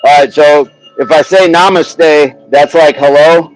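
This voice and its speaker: A man hosting a casual livestream outdoors, chatting with his viewers, reading their comments aloud and slowly sounding out words. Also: fairly high pitch, steady tone, faint music behind, rough recording. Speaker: livestream host. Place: outdoors, windy, a tree behind him.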